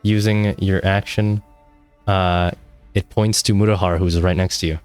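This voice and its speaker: A man with a very low voice running a tabletop game as game master, handing out rulings in a dry, teasing way. Faint music plays underneath. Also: fairly even intonation, unhurried, a little mellow, smooth, no echo. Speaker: dungeon master.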